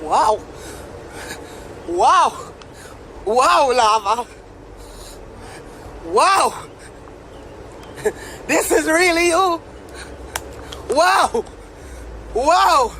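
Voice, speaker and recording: A man's voice: extremely high pitch, expressive, drawn-out words, long pauses, pushed and bright, a little hiss or hum. A young Jamaican man ranting on a live stream, mock-tearful and theatrical. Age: young adult. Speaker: social media commentator.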